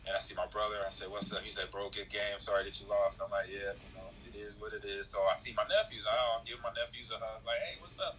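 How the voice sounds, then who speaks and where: A man's voice: lowish voice, quick pace, few pauses, rough recording. A man in his forties, a former football player, telling stories in casual chat and acting out quotes in a raised voice. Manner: animated storyteller, acts out quotes in a raised voice.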